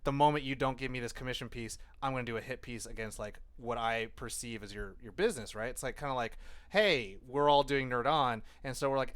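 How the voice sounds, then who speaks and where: A man co-hosts a casual podcast, rambling at length in an animated way and swearing often. His voice is smooth and resonant, recorded dry and close with no room echo. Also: mid-range voice, quick pace, few pauses. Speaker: podcast co-host. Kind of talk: casual chat.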